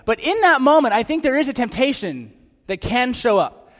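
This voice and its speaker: A man delivers a sermon in a high voice and acts out the people he quotes with animated energy. His voice rings through a church hall with a long reverb tail. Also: moderate pace. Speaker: pastor.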